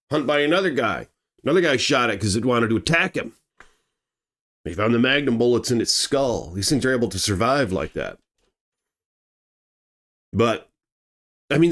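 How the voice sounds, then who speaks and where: A man telling a true horror story in a casual, rambling way, full of asides. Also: medium pitch. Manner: rambling, conversational, digresses often; shouts acted quotes in a raised voice.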